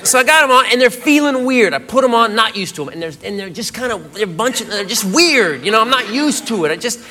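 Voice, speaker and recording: A man telling a rambling, animated stand-up story, often laughing between lines. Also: extremely high pitch, fast. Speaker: stand-up comedian. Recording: live club recording with loud crowd. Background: loud audience laughter and room noise.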